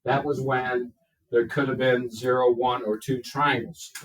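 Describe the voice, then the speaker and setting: Heard from far away in an echoey classroom, a man lectures on math in a flat, medium-pitched voice. He goes slowly, step by step, pausing to ask students "okay?".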